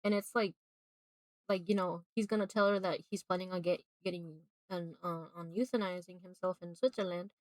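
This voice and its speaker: A woman's voice: fairly low pitch, fairly even intonation, a little fast, a little mellow, dry recording. Woman streamer rambling about a movie, says like constantly, laughs a lot, dry sound. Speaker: live streamer. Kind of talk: casual chat recapping a movie while drawing.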